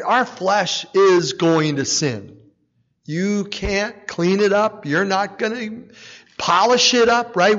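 A man with a high voice delivers a slow, conversational sermon, often asking the room "right?" with a small chuckle. His voice carries a long reverb from a large church hall. The recording sounds muffled and dull. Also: fairly bright tone. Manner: asks the congregation "right?" again and again, with a light chuckle. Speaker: preacher.

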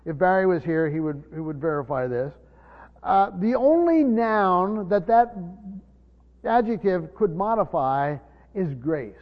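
A man's voice: animated, unhurried. A man preaching a Bible-teaching sermon in a teacherly way, often repeating words as he explains. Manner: teacherly, repeats words, drops low for scripture. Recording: dull recording in a long-reverb hall.

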